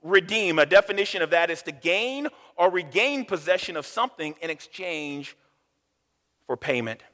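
A man's voice: high-pitched, lively intonation, normal speed, bright, forceful tone, long reverb tail. A pastor preaching a sermon with emphasis, putting rhetorical questions to the congregation and often stumbling and repeating his words.

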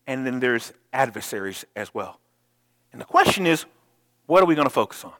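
High, bright-voiced pastor preaching in reverberant church. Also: male voice. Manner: animated preaching with frequent restarts and call-and-response questions. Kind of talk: sermon. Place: church sanctuary.

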